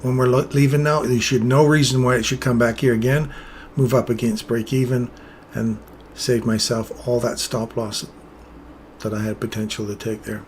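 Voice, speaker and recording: A man's voice: medium pitch, level tone, moderate pace, slight background noise. A man explaining chart setups in casual live trading commentary, chatting with viewers as he goes. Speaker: trading streamer.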